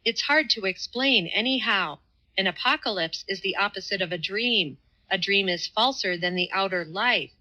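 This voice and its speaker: A woman's voice: mid-range voice, normal speed, bright, forceful tone, dull audio, lightly acted. A woman reading the part of an earnest, devout man who speaks with fervent, laborious care in an audiobook.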